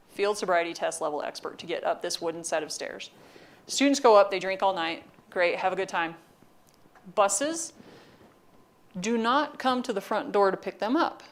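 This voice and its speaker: Wry woman telling campus stories. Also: mid-range voice. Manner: wry, animated anecdotes with deadpan asides. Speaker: university lecturer. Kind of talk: storytelling lecture.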